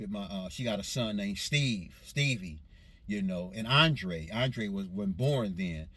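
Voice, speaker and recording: A man's voice: lowish voice, expressive, slow, fairly bright tone, slightly rough, no room sound. Man from Los Angeles reminiscing loosely. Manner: meandering, self-correcting recollection in a loose vernacular. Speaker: storyteller recounting his childhood. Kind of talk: casual spoken memoir.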